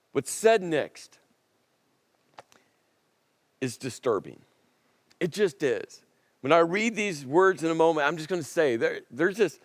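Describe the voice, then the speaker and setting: A man preaching a sermon in a lively, conversational manner, slipping into quoted voices. His voice sits fairly high and the sound is dry and close. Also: dry recording. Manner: conversational, animated, acts out quotes. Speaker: pastor.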